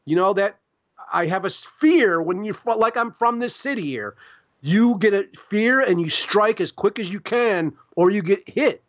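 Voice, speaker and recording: A middle-aged man from Chicago talks in a loose, profane ramble, filling his sentences with "like" and "you know". His voice sits high for a man. The recording is dry and a little dull. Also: lively intonation, moderate pace, dry recording. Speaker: podcast guest, publisher. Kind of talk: casual interview storytelling.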